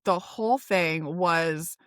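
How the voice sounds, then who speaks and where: A woman's voice: on the low side, takes it slowly, fairly bright tone, clear, resonant tone, no echo, clean studio sound. A woman hosting a casual conversation, chatty and laughing often as she tells stories. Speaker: podcast host.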